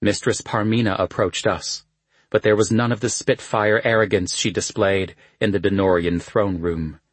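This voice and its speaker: A man reading a novel aloud as an audiobook narrator, in a measured, even manner. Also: lowish voice, breathy edge, dry recording. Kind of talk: scripted narration.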